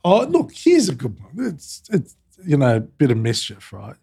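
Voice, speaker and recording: A middle-aged Australian man talks through an interview in a relaxed, story-spinning way. He leans on "you know" and small restarts, and his voice sits at an ordinary middle pitch. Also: normal speed, gravelly, breathy edge. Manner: anecdotal storyteller, chatty, with many fillers. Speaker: guest, former politician and diplomat. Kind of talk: conversational interview.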